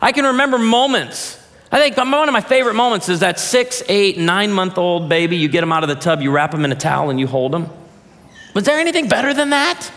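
A playful male pastor tells a humorous sermon story to an audience in a large hall or church auditorium, joking before turning heartfelt and speaking directly to the crowd. His voice is high-pitched, expressive, a bit bright and fairly quick. The long reverb of the big hall fills the recording.

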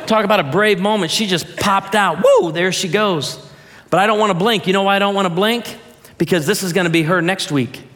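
A man's voice: sits high, fast talker, a bit bright. A man in his forties preaching a humorous sermon, joking with the audience and then turning heartfelt. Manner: playful, addresses the audience directly, jokes then turns heartfelt. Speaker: pastor. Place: large hall or church auditorium, before an audience. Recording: long reverb of a large hall.

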